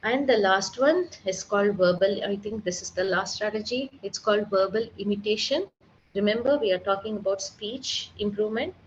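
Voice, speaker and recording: A woman's voice: mid-range voice, moderate pace. A woman speech therapist talks a seminar audience through her methods, explaining step by step and sounding out examples herself. The recording is slightly dull and muffled, with a faint hiss underneath her voice. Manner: patient, explanatory, demonstrates sounds aloud. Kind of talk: seminar lecture.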